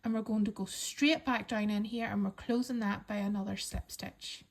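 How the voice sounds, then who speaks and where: Husky woman teaching crochet. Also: medium pitch, normal speed. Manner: calm, reassuring, counts stitches aloud. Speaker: crochet instructor. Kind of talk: step-by-step craft tutorial.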